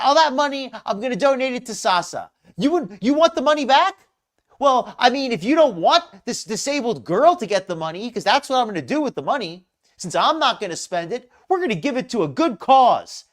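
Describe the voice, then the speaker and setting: Woman doing a sneering take on a smug streamer lady, high and swooping. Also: lively intonation, normal speed. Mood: mocking smug. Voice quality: mocking, high and loud.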